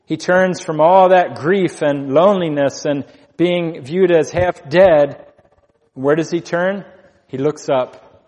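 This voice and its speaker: A man's voice: fairly high pitch, slow pace, a little mellow, big-room sound. A man preaching a sermon as pastor, earnest, repeating key phrases for emphasis.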